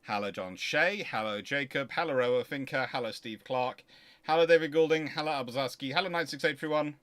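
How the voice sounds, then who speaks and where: A man hosting a history livestream, chatting casually in an excitable, rambling way with frequent restarts. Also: mid-range voice, brisk, dry recording.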